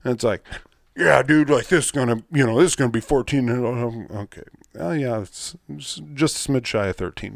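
Male podcast host, mid-pitched, rambling and excitable, dry close mic. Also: fairly quick, creaky, no room sound. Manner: rambling, excitable storyteller with mild swearing. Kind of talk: casual chat.

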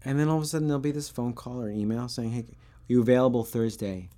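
A man's voice: mid-range voice, quick pace, mellow. A man speaking as a guest on a casual chat show, upbeat and easygoing. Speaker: guest comedian.

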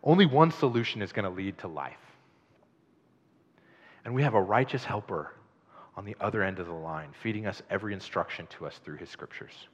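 A male pastor preaching a sermon in a conversational, animated way, with chatty asides to the congregation. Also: fairly low pitch, a little fast. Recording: dull sound in a long-reverb hall.

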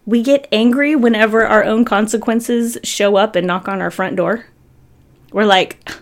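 A woman's voice: mid-range voice, fairly even intonation, a little slow. A middle-aged woman giving a sermon, telling a family story in a conversational, humorous way. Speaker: preacher.

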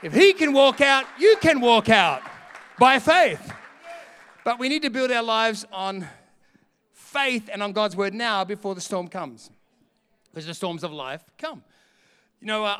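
Impassioned high-voiced male preacher, big hall. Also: clean tone. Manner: impassioned preaching that swells to shouts between quieter storytelling. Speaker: pastor. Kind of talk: sermon. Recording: long reverb hall.

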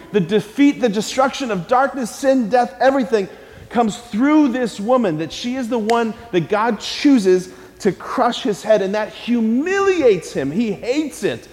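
A man preaching a lively sermon in a church, calling on his listeners to answer back. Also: high-pitched, in a large hall. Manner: energetic, calls on the audience to respond.

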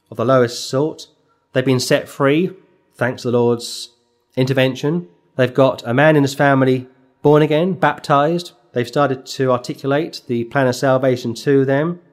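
A man preaching an expository sermon, stressing words and pausing for effect as he reads out verse numbers. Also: medium pitch. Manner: emphatic, with slow dramatic pauses.

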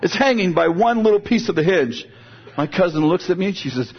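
A man preaching a sermon, telling a lively personal story and moving into prayer, with a husky voice. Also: high-pitched, fairly quick, muffled recording.

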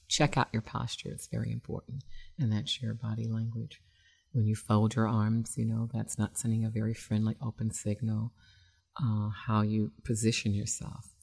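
A woman's voice: extremely low pitch, normal speed, gravelly, mellow, slightly rough. A woman hosting an internet radio show as a relationship expert, giving advice in a conversational, emphatic way with frequent fillers.

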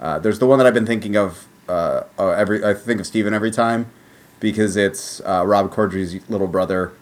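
A man's voice: lowish voice, fairly quick. A man co-hosting a casual podcast chat, talking animatedly and acting out quoted lines. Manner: animated, acts out quoted lines, swears freely. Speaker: podcast co-host.

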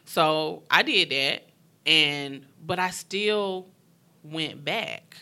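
Mulher jovem de voz muito brilhante, franca e emotiva. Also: female voice, low voice, bright, forceful tone, clear, resonant tone. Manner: emotional, frank, quick bursts of speech. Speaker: guest sharing her story. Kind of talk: candid personal storytelling.

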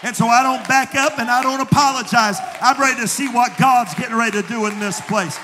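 A man with a Southern accent preaching a rhythmic sermon as pastor, swinging between hushed passages and shouted refrains. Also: very high-pitched, fairly quick. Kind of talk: fiery sermon. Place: church sanctuary. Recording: long hall reverb, faint crowd and noise.

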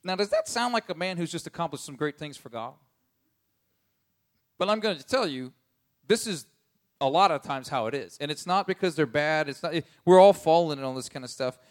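A man preaching a casual sermon, conversational and full of "like", moving between quiet asides and emphatic rises. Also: a little high, expressive, brisk. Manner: conversational, filler-heavy with frequent "like". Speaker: pastor.

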